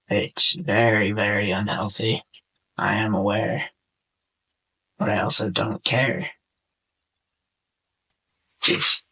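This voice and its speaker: Young man, low gravelly husky voice, slow and choked up, podcast host. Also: sharp tone, rough recording. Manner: subdued, halting, heartfelt. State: sore throat, on the verge of tears. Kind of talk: casual personal monologue over gameplay.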